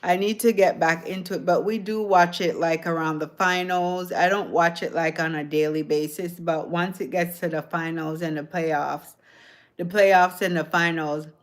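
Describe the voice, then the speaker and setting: Speaking with a light Jamaican accent, a livestream host addresses her viewers at a moderate pace in a lowish voice with fairly even intonation. She rambles casually, chuckles often, and asks her audience questions.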